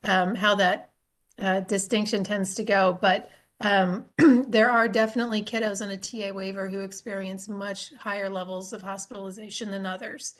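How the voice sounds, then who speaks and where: A woman speaks as a state agency official testifying before a legislative committee. Her voice sits in a middle pitch. She explains points at a steady, measured pace and fills pauses with "um". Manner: measured, explanatory, frequent "um" fillers.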